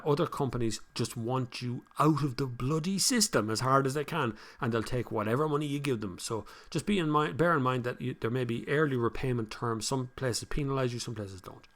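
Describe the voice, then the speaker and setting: An older man with a Kildare Irish accent, hosting a casual live stream, reading viewer comments and giving blunt, animated advice. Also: mid-range voice. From Ireland.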